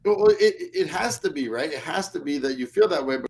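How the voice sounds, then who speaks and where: A man's voice: fairly high pitch, lively intonation, brisk, creaky, a little mellow, faint music behind, poor audio. A man hosting a leadership podcast, talking bluntly and emphatically and swearing freely. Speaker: host.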